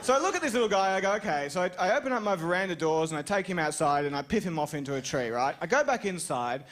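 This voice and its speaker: A man's voice: lively intonation, quick pace, fairly bright tone. A young Australian man telling a rambling, self-mocking story on stage as a stand-up comedian. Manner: rambling, self-mocking storytelling with sudden high-pitched jumps.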